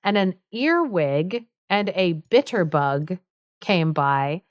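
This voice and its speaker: Woman co-host, casual storyteller, chatty and amused; smooth, clear voice, dry sound. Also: on the low side, lively intonation, slow pace, no echo. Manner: chatty, amused, lots of fillers.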